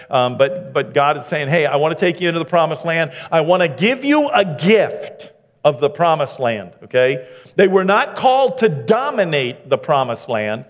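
A male pastor preaching a conversational sermon, acting out the quoted speech with lively emphasis. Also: a little high. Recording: hall reverb.

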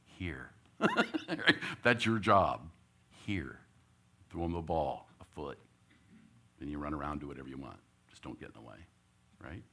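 Deep voiced guy telling a church story, kinda bright tone, gets shouty acting out the coach bits. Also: a little slow, pauses often, slightly rough. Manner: animated storyteller, gets loud acting out his own coaching. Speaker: church speaker. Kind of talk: storytelling talk.

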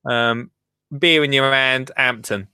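A man's voice: medium pitch, slow, sharp tone, clean tone, no echo, studio quality. A man hosting a casual chat, joking around, laughing often and drifting into little rants. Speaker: podcast host.

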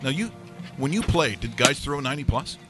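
A man's voice: medium pitch, lively intonation, fairly quick, over loud music. A man hosting a live sports talk show, chatting casually and telling rambling stories with many restarts.

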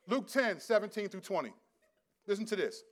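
High-voiced, animated male preacher. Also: moderate pace. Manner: animated storytelling, laughs often, slangy. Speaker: pastor. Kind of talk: sermon.

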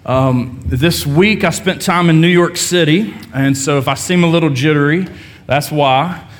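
A man's voice: on the high side, measured pace. A man preaching a sermon, telling a self-deprecating story before turning to scripture. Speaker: pastor. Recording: long reverb of a large hall.

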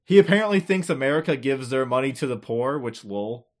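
A man co-hosting a podcast in a mid-pitched voice. He recaps a video game in loose, playful chat, teasing his co-hosts and laughing easily. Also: animated, a little fast, darkish tone. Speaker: podcast co-host.

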